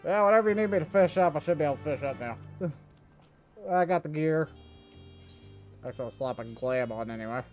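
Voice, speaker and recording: A man's voice: fairly high pitch, lively intonation, brisk, long pauses, soft background music. A man streaming a game, chatting casually in a rambling, self-correcting way.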